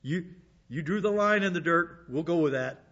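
A man's voice: fairly high pitch, animated, moderate pace, fairly bright tone, lo-fi sound. A man giving an informal Bible lesson, chatting along, repeating words and asking rhetorical questions. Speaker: Bible teacher.

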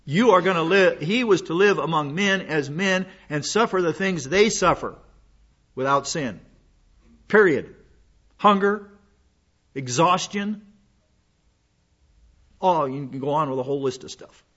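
Older male pastor, rambling folksy sermon, husky slightly high voice, muffled lo-fi recording. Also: lively intonation, a little slow, pauses often, fairly bright tone. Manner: folksy, rambling with frequent fillers and restarts. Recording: dull lo-fi sound.

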